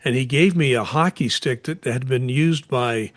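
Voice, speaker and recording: Male former radio host, mid pitch, dry close sound, casual chat full of stories. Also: moderate pace, no room sound.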